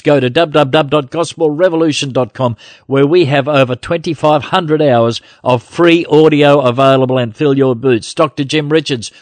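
A man hosts a podcast in a blunt, combative way, laughing often. His voice sits at an ordinary pitch and is recorded dry and close. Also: no room sound. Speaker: podcast host. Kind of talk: casual podcast chat.

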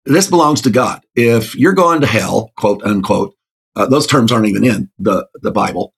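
A man's voice: on the low side, lively intonation, moderate pace, vocal fry, slightly rough. A man co-hosting a casual Bible discussion, rambling with many fillers and frequent laughs. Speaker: co-host of a Bible talk show.

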